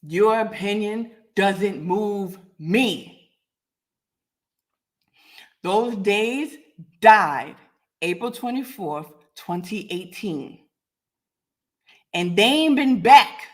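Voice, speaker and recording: A woman's voice: medium pitch, expressive, extremely slow, long pauses. A woman hosting a live podcast, talking bluntly and confrontationally with heavy swearing. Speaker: podcast host.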